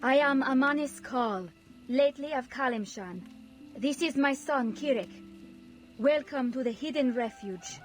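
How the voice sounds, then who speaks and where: High, poised game mother, formal and courteous, game audio over music. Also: unhurried. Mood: gracious. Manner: formal, even delivery. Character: composed refugee mother, formal and welcoming. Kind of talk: fantasy game voice acting.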